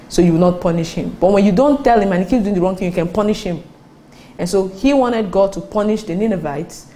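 Animated woman preacher. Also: slight background noise, rough recording. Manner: animated storytelling, acts out quotes with rising pitch. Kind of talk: sermon.

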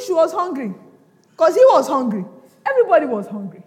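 A woman pastor preaching a sermon, acting out the scripture's voices with sudden shouts and laughter. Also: sits high, a little fast. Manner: animated, acts out quotes with sudden shouts and laughter. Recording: long hall reverb.

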